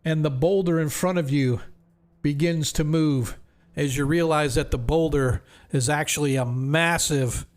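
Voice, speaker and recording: A man runs a tabletop game as its game master, describing the scene for his players. His voice sits a little high, and he talks in a loose, descriptive way, full of likes and restarts. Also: a little slow.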